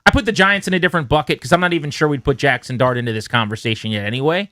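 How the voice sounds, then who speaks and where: A man's voice: fairly high pitch, very fast, bright, forceful tone, no room sound, clean studio sound. A man co-hosting a sports radio show, talking through football analysis in a conversational, probing way. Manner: conversational, analytical, drills into points. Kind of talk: casual sports talk.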